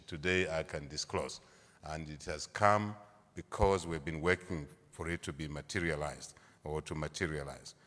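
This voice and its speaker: A man's voice: low-pitched, a bit bright. A middle-aged Zambian man, a government leader, giving a formal public speech and repeating key phrases for emphasis. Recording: long hall reverb.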